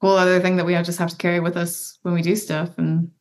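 A woman's voice: lowish voice, little pitch movement, quick pace. A woman in her thirties, a podcast guest talking in a casual, emphatic, encouraging way and swearing freely. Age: 30s. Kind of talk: casual interview chat.

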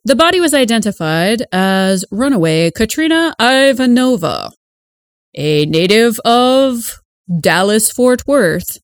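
A woman voicing a radio news reader with an even, formal delivery. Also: a little high, slow pace, no echo, studio quality.

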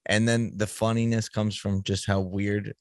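A man with a Boston accent, a comedian guest, talking bluntly in a gruff tone that sounds annoyed. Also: lowish voice, flat delivery, moderate pace, no room sound, studio quality. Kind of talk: casual chat.

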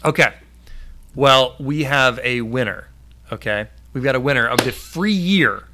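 A man's voice: medium pitch, unhurried, background noise. A man hosting a casual live stream, upbeat and full of fillers, reading viewer comments aloud.

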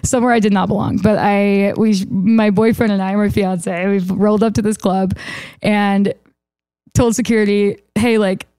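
A young woman talks on a podcast, rambling through a story with many fillers. Her voice is mellow and warm, recorded close on a dry studio mic. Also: medium pitch, fairly even intonation, smooth, dry recording. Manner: rambling, fast, full of "like". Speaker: podcast guest, songwriter. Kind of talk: casual storytelling.

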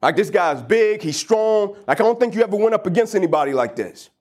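A man's voice: high voice, animated, brisk, darkish tone. Man doing a nervous soldier messenger. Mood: worried. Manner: hesitant, questioning, rambling. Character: anxious young male soldier messenger.

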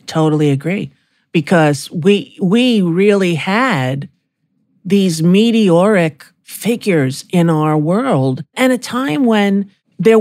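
A woman's voice: fairly low pitch, a little mellow, dry recording, studio quality. A woman in her sixties hosting a podcast, chatting casually and affectionately with her guest. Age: 60s. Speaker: podcast host. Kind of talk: casual conversation.

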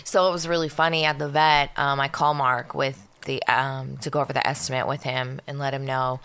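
A woman's voice: very deep voice, brisk, clean tone. A woman co-hosting a podcast in casual chat, telling stories with animation and plenty of swearing. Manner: animated storyteller, swears, laughs easily. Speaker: podcast co-host.

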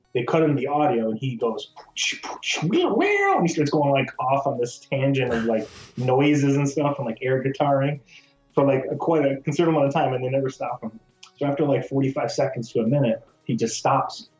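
A man's voice: mid-range voice, steady tone, brisk, darkish tone. A man and speedrunner from Michigan, chatting casually on a podcast and telling stories with many fillers. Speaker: speedrunner guest. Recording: echoey, dull sound with faint music.

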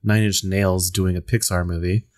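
Male podcast co-host, lowish voice, dry wit, relaxed reading of listener reviews. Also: moderate pace. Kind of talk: casual chat.

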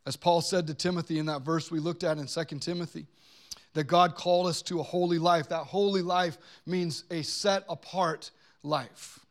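A man preaching a sermon as pastor to his congregation in a relaxed, joking way, slowing down for the weightier lines. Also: on the high side. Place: church gathering with a congregation present.

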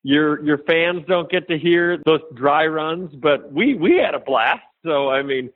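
A man talking as a podcast guest, explaining things in a measured, step-by-step way. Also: on the high side, no room sound. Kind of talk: casual interview chat. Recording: phone-like call audio.

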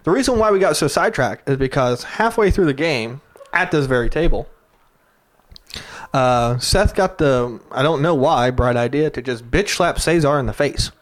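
A man's voice: medium pitch, animated, normal speed. A young man telling a rowdy drinking story in casual chat, laughing often and swearing freely.

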